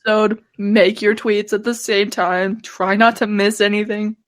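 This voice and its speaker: A woman's voice: mid-range voice, level tone. A woman in her twenties co-hosting a podcast, chatty and sweary in casual conversation. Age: 20s. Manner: chatty, swears often, quick to laugh along. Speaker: podcast co-host. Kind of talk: casual chat.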